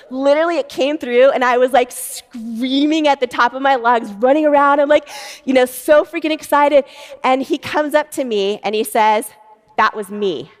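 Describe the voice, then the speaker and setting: A woman telling her own story as a motivational talk to an audience, animated and full of fillers, acting out quotes. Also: fairly high pitch. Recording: long hall reverb.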